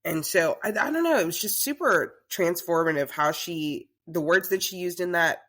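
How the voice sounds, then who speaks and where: Woman, talk show host type, guest spinning a lively story in a casual chat. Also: lowish voice, moderate pace. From Southern United States. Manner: chatty, animated storyteller.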